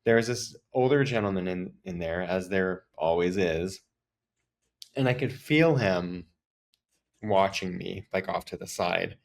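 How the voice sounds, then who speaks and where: A man with a fairly low voice tells a story as a podcast host. He talks in a loose, chatty way and fills his sentences with "like" as he goes. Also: measured pace, vocal fry. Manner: chatty, frequent "like" fillers. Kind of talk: casual storytelling.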